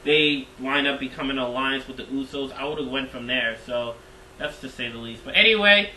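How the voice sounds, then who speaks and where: A man reviewing a wrestling show in casual recap style, excitable and rambling, repeating himself. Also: medium pitch, moderate pace, echoey room, a little hiss or hum, rough recording.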